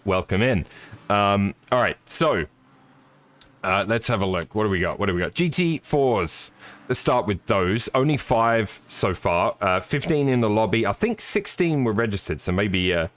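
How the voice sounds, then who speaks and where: A man's voice: on the low side, fairly bright tone. A man commentating live on a sim race, chatty and upbeat, greeting viewers by name.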